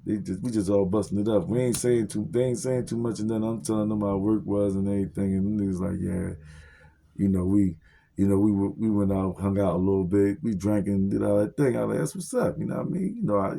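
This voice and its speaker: A man's voice: fairly low pitch, fairly even intonation, fairly quick, creaky, dark tone. A young man telling a personal story in casual street slang, with heavy profanity and fillers, acting out what each person said.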